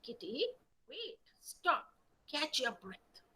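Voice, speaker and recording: Woman doing a gentle mother cat. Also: high-pitched, big pitch swings, takes it slowly, slight background noise, pitched above the performer's own voice, full character voice. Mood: urgent. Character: protective mother cat, calm and brave.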